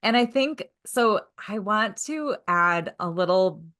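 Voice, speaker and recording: A woman's voice: mid-range voice, lively intonation, slow pace, fairly bright tone. A woman co-hosting a podcast in a casual discussion, agreeable and building on her partner's points. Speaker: podcast co-host.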